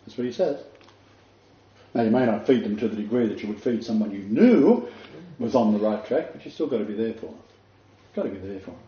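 A man's voice: fairly low pitch, lively intonation, fairly quick, pauses often. An older man preaching a sermon, earnest and emphatic, with asides to his listeners. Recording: dull echoey room recording.

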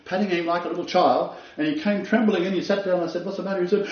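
A man preaches, his fairly high voice rising and dropping as he retells stories and hammers home repeated phrases. The sound is roomy and slightly muffled, like a lo-fi recording in a reverberant space. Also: animated, racing, hardly any pauses, a little mellow. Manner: dramatic storytelling, repeats phrases for emphasis. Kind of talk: sermon.

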